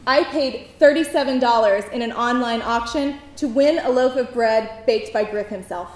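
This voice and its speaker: A woman telling a personal story on stage, in a wry, self-mocking and animated manner. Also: fairly high pitch, moderate pace. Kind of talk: live personal storytelling performance. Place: theater stage before an audience. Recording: roomy venue echo, faint noise.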